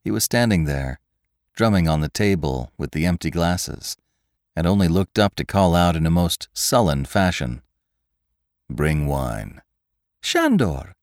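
A man narrating a classic tale for a podcast in measured, expressive storytelling. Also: low-pitched, no echo, clean studio sound.

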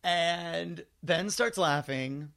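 A man in his forties spins a story in casual conversation, his voice sitting a little high for a man. He talks with lively energy and slips into the voices of the people he describes. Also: very slow, gravelly. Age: 40s. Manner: animated, acts out voices in his anecdotes.

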